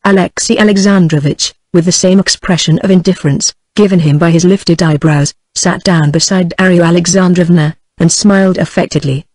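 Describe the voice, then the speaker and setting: A text-to-speech female voice with a British English accent, reading a novel aloud in an even, steady delivery. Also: fairly low pitch, brisk, hardly any pauses, no echo, rough recording. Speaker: audiobook narrator. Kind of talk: synthetic audiobook narration.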